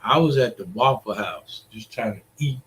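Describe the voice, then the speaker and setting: A man's voice: on the low side, expressive, normal speed, a bit bright. A middle-aged man, ranting casually in a crude, profane, rambling way. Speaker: vlogger.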